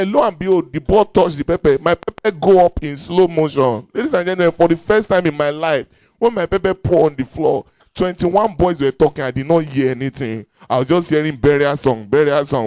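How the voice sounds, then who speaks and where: A man in his thirties with a Nigerian accent performs stand-up storytelling, animated and switching into character voices. His voice sits high for a man. The sound carries the echo of a large event hall. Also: a little fast. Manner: animated, acts out voices with Yoruba phrases. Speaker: stand-up comedian. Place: event hall before a live audience.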